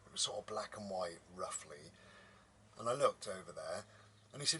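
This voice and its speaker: Rambling man, low voice. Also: lively intonation, a little fast, sharp tone, slightly rough. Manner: rambling, affectionate, with many ums. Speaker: vlogger. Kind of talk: casual storytelling to camera. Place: inside a motorhome.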